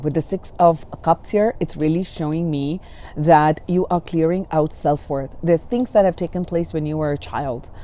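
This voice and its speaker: A woman giving a gentle spiritual tarot reading, soothing and reassuring, often checking in with the listener. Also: sits low. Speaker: tarot reader.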